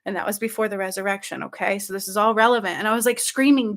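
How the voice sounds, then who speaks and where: A woman telling her viewers about a dream in casual, excited speech, often checking in with "okay?" and "like". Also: a little high, a little fast, hardly any pauses. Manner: excited, breathless storytelling with frequent "like" and "okay?". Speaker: spiritual channel host.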